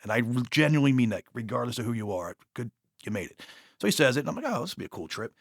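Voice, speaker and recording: A man's voice: mid-range voice, very fast, no echo, clean studio sound. A man on a podcast, a police officer and guest, telling stories in a casual, profane, rambling way and acting out the dialogue. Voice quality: profane, rambling, animated retelling with quoted dialogue. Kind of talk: casual storytelling. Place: podcast studio.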